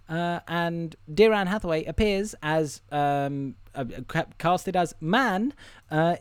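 A man's voice: on the high side, dry recording. A young man co-hosting a casual film podcast, swearing and mocking himself as he rambles through stories with lots of fillers. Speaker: podcast co-host.

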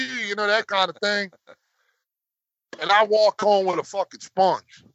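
A man telling a story in casual chat, swearing constantly and getting animated as he goes. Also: unhurried, no room sound. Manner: animated, voice climbs high when worked up. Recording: dull lo-fi dry sound.

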